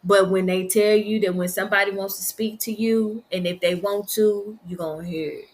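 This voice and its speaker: A middle-aged woman, telling the story of losing her son in slow, halting, emotional speech. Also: mid-range voice, fairly even intonation. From Virginia. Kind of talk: personal testimony.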